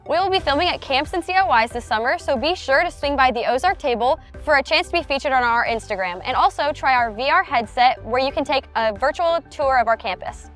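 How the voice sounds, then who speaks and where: A woman's voice: high voice, animated, fast talker, hardly any pauses, fairly bright tone, faint music behind. A young woman hosting a college video, giggling and stumbling over her lines. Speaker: host. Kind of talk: casual blooper-filled hosting.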